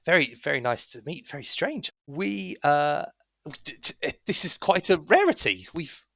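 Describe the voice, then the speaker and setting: A man's voice: on the high side, sing-song, moderate pace, fairly bright tone, dry recording, clean studio sound, pitched above the performer's own voice, exaggerated voice. A man voicing a small, fussy older village woman who hurries to offer tea and fuss over guests. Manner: fussing, hospitable, hesitant. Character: fussy little old village woman, hostess.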